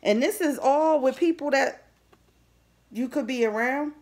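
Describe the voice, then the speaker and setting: A woman's voice: sits high, a little slow, a little mellow. Blunt, profane woman tarot reader. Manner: blunt and profane, heavy slang. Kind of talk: casual tarot reading monologue.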